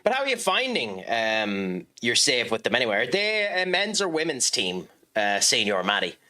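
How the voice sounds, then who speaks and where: A man streaming a football management game, chatting with viewers in a rambling way and reacting loudly to the match. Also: mid-range voice, huge pitch swings, normal speed. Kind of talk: live gaming stream chat and match commentary.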